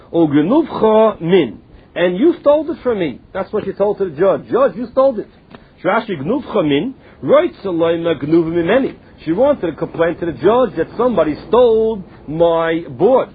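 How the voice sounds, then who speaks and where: A man's voice: high voice, slightly rough, phone-quality sound. A man giving a Talmud lesson, reading the text in a sing-song study chant and translating it line by line. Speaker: Talmud teacher.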